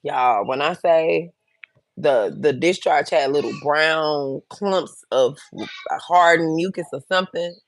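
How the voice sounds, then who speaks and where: A woman's voice: sits low, slow pace, dry recording. A woman hosting a livestream, talking frankly and bluntly to her viewers as she gives advice and tells her own stories. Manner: frank, blunt, chatty, addresses viewers directly. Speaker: host. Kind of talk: candid livestream advice and storytelling.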